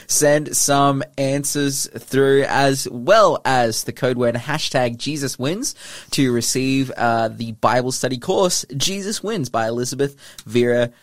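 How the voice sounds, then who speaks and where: A man's voice: mid-range voice, a little slow, no room sound. A man co-hosting a radio show, playful and laughing often while reading out listener messages. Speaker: radio co-host. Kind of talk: casual radio chat.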